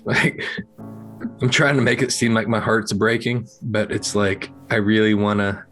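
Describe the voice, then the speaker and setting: A man chatting as a player in a tabletop game, joking and laid-back. His voice sits fairly low, with faint music behind it. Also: fairly even intonation, unhurried, fairly bright tone. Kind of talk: casual tabletop game chat.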